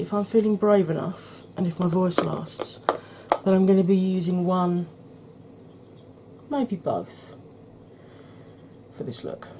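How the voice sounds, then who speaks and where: Soft-spoken woman, slightly husky. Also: lowish voice, background noise. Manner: chatty, explanatory, soft-spoken. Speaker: makeup tutorial host. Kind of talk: soft-spoken ASMR makeup tutorial.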